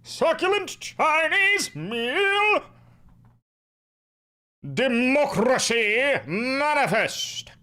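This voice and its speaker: A man impersonating an indignant, pompous man protesting his arrest, speaking slowly and theatrically. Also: extremely high pitch, lively intonation, sharp tone, pitched above the performer's own voice, full character voice. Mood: grandiose. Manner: slow, theatrical and outraged.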